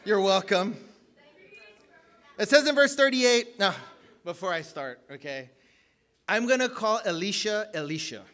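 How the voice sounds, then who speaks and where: A man preaching a sermon, energetic and joking, rising to shouts at the peaks. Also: high-pitched, unhurried, pauses often. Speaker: guest preacher.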